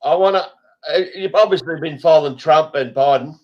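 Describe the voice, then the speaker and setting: A man's voice: on the high side, brisk, highs cut off. A man hosting a casual group chat over a video call, blunt and rambling, swearing often. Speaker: host.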